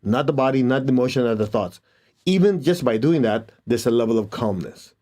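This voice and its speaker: A man teaching and leading a guided meditation, giving calm, gentle instructions and prayers. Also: medium pitch, a little fast.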